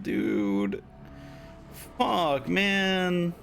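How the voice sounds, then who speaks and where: A man's voice: mid-range voice, animated, takes it slowly, fairly bright tone, a little hiss or hum. A young man streaming a game, swearing and laughing in frustration. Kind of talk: live game-stream chat.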